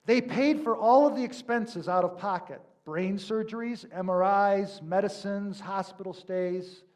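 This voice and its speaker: Preacher with a high voice, conversational and emphatic. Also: male voice, measured pace, a little mellow. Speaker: pastor. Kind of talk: sermon.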